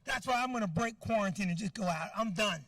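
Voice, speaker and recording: A man's voice: high voice, quick pace, dry recording, recorded from a distance. A man doing a profane, brash stand-up comedy set in a club, working the crowd and acting out conversations. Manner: brash, profane, acts out quoted dialogue and shouts.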